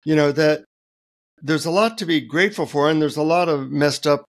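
A middle-aged man, a guest author, telling relaxed anecdotes in an interview with many fillers. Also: fairly high pitch, moderate pace. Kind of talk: interview storytelling.

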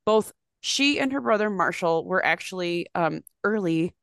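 A woman co-hosting a casual podcast, chatting and storytelling in an animated way, swearing freely and acting out quotes in a higher voice. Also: normal speed, vocal fry, clear, resonant tone, dry recording, studio quality. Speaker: podcast co-host.

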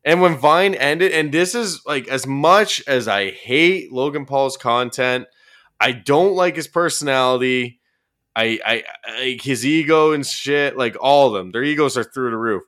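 A man's voice: mid-range voice, measured pace. A man hosting a podcast and chatting casually, telling stories loosely with plenty of swearing and sudden bursts of emphasis. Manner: loose and profane, animated storytelling with bursts of emphasis. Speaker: podcast host and commentary YouTuber.

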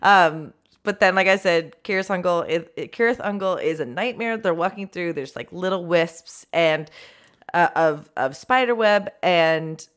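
A woman co-hosting a podcast in casual chat, playful and animated, with laughing asides. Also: lowish voice, unhurried. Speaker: podcast co-host.

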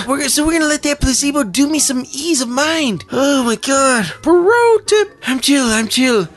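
A man's voice: very high-pitched, expressive, unhurried, a bit bright. A man hosting a comedy tips segment, delivering an exasperated, profane rant.

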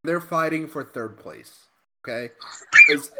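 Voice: medium pitch, sing-song, takes it slowly, pauses often, a crowd in the background. A podcast co-host telling a road story casually, profane and exasperated.

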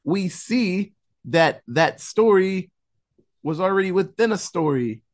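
A man's voice: sits high, expressive, slow. A man on a podcast casually recapping a horror movie plot, rambling with lots of fillers and restarts. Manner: casual, chuckles while recapping. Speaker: podcast co-host.

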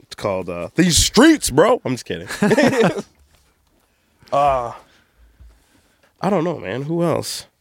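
A man's voice: mid-range voice, huge pitch swings, takes it slowly, gravelly, long pauses, no echo. A man hosting a podcast in casual, crude, rambling chat, joking around and slipping into silly voices. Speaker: podcast host.

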